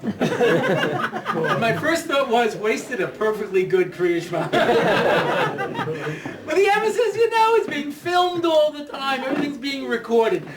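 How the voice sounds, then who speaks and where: Animated man lecturing in an echoing hall. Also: very high-pitched, noisy background. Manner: animated storyteller, many "you know"s, acts out quotes. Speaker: rabbi, speaker. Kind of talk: humorous lecture with stories. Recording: roomy hall recording from a distance.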